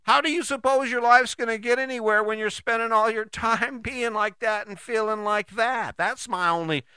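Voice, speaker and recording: A man's voice: very high-pitched, normal speed, bright, forceful tone, smooth, dry recording. A man giving a casual motivational talk, folksy and chatty, who often adds "right?" and acts out quoted people in short bits. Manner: often tags sentences with "right?".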